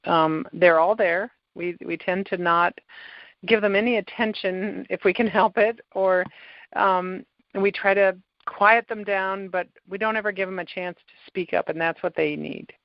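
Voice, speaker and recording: A woman hosting a podcast, calmly guiding a client through a tapping session step by step. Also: mid-range voice, unhurried, no echo. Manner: calm, coaching, gives step-by-step prompts. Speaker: tapping practitioner and podcast host. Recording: dull, lo-fi sound.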